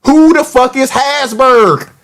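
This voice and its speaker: A man's voice: extremely high pitch, slow, fairly bright tone. A man hosting a casual livestream, ranting in a mocking, profane, heated way and reacting to the live chat. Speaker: show host.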